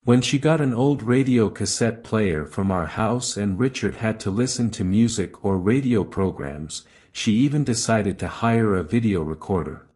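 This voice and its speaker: A man reading a graded story for English learners in a clear, measured way. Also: lowish voice, expressive, darkish tone. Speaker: story reader. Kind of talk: scripted narration for English learners. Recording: roomy echo.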